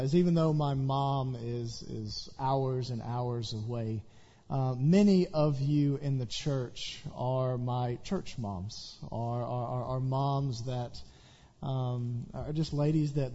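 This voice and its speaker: A man's voice: medium pitch, steady tone, measured pace, warm tone, lo-fi sound. A man from Tennessee, a pastor giving an earnest, heartfelt church talk and leading prayer. He stumbles over his words and repeats them.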